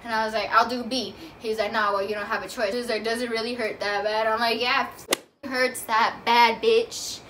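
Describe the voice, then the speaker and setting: A woman's voice: fairly high pitch, flat delivery, quick pace, hardly any pauses. A young woman casually telling a personal story in a vlog, talking loosely with lots of fillers. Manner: casual, chatty, many "like" fillers. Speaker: vlogger. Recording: from a distance, faint room noise.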